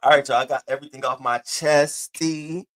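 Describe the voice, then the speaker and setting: A man hosting an online show, telling a story in a loud, profane, animated rant and acting out the other people's voices. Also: medium pitch, moderate pace. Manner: acts out the other voices in his stories. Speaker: host of an online news show. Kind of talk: casual livestream rant.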